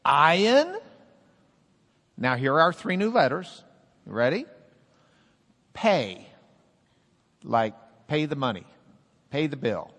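A man teaching a class, playful and animated, drilling the students and cracking jokes. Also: on the high side, slow, pauses often, big-room sound.

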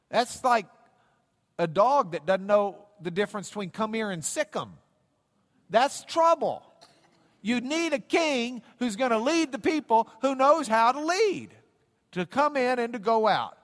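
Man, high voice, slow deliberate Bible lecture, loose and chatty, big reverberant hall. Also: lively intonation, fairly bright tone. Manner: conversational, repeats words, jokey asides. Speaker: Bible teacher.

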